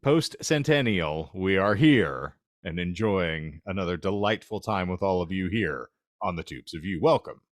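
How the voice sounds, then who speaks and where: A man's voice: sits low, expressive, moderate pace, no room sound, studio quality. A man hosting a casual comedy podcast, opening with playful, wordy, mock-grandiose introductions. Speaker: podcast host.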